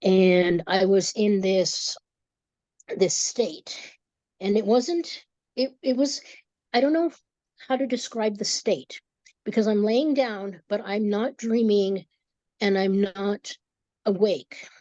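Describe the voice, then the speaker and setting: A woman, a guest in an interview, telling a personal story with emotion, halting and restarting often. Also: mid-range voice, darkish tone, no echo, dull audio. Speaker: guest, energy reader.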